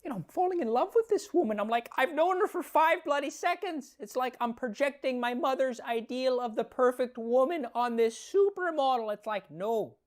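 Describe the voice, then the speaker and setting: A man playing an earnest, rambling male professor in a comedy sketch impression, with a reedy voice and lofty, halting phrasing. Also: extremely high pitch, expressive. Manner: pondering pauses, lofty phrasing.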